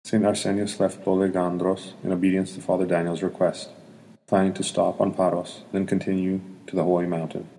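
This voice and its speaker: Male narrator, solemn scripted read, very deep and flat, reverberant. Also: a little fast, gravelly. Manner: even, solemn reading. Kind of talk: scripted narration of a saint's life. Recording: long hall reverb.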